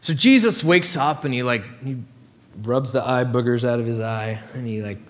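A man preaching a sermon as pastor, telling stories in a casual, animated way with playful asides. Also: mid-range voice, normal speed. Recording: long hall reverb.

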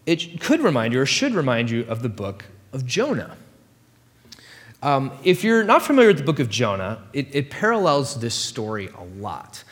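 A man preaching a sermon as pastor, telling stories in a casual, animated way with playful asides. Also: mid-range voice, normal speed. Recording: long hall reverb.

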